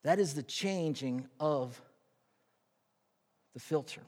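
Guy pastor preaching, high voice, lively with big pauses, reverb like a big hall. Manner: animated, reads scripture aloud with dramatic pauses. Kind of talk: sermon.

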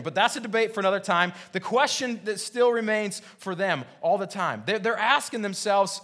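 Delivering his sermon at a moderate pace with few pauses, this pastor has a high-sitting, fairly bright voice. He is earnest and repetitive, asks many rhetorical questions, and often stammers and restarts.

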